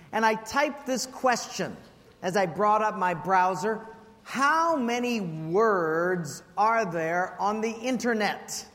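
High-voiced pastor preaching in a large hall. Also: male voice. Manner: animated storyteller, acts out voices and shouts for comic effect. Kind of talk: sermon. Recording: long reverb of a large hall.

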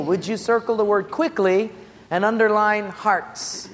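A male pastor delivers a sermon, emphatic and direct as he tells the congregation what to write down. His voice sits a little high for a man. The recording carries the long reverb of a church hall with faint ambience behind. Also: steady tone, measured pace, slight background noise.

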